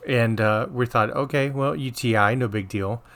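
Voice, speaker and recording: A middle-aged man, a podcast co-host and former nurse, telling a work story in casual chat, rambling with restarts and animated quoting. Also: medium pitch, normal speed.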